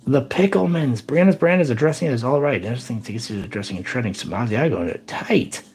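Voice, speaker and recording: A man's voice: mid-range voice, expressive, quick pace, a little mellow, breathy edge. A man casually chatting on his live stream, rambling upbeat as he reads out chat.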